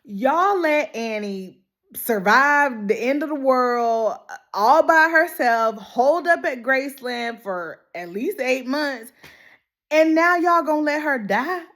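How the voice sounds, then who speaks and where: Animated woman recapping a show. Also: sits high, slow pace. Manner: animated, laughs often, dramatic exclamations. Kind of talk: casual TV recap chat.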